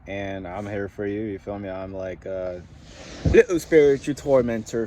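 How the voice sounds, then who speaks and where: A man's voice: lowish voice, moderate pace, warm tone, slight background noise. A man talking casually about spiritual signs in a slangy, rambling, emphatic way. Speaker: spiritual reader.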